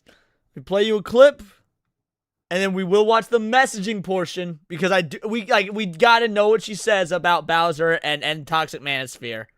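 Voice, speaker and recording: A man's voice: high voice, normal speed, a bit bright, clear, resonant tone, no echo. A man streaming live, reacting to clips with brash, profane, emphatic casual commentary into a close mic.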